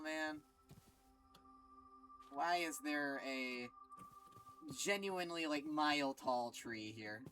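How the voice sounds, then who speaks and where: A woman streaming a game, reacting in an excitable, foul-mouthed way and laughing often. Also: low voice. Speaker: gaming streamer. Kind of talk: casual let's-play commentary. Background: game music.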